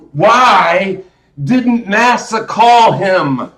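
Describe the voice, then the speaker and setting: High-voiced man ranting in an echoey room. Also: expressive, very slow, fairly bright tone. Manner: rambling, emphatic, full of restarts and rhetorical questions. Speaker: host. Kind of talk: casual movie rant on a live stream.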